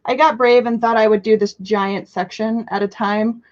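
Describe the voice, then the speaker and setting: A young woman in her twenties hosts a live crafting stream in a loose, rambling chat. She jumps between topics, pokes fun at herself and lets out sudden squeals. Her voice sits a little high and comes through muffled, lo-fi audio. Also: fairly even intonation, moderate pace, darkish tone. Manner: chatty, scattered and self-mocking, with bursts of squeals. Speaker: crafting livestream host.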